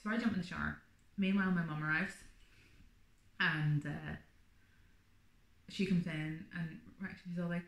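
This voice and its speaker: A woman's voice: low voice, fairly even intonation, moderate pace, long pauses, echoey room. A woman vlogger telling her birth story in a chatty, rambling way, full of fillers. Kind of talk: casual birth story vlog.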